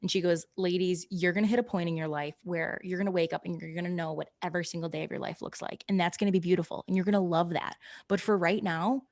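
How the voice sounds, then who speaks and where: A woman's voice: on the low side, steady tone, quick pace, few pauses, a little mellow, no room sound, clean studio sound. A woman in casual podcast conversation, frank and loose, with occasional swearing.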